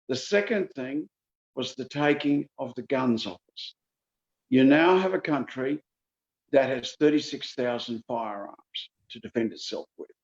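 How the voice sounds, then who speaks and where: A man in his seventies with a Queensland Australian accent, answering interview questions in a folksy, emphatic way and repeating figures slowly for effect. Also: medium pitch, dull audio. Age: 70s. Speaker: politician guest.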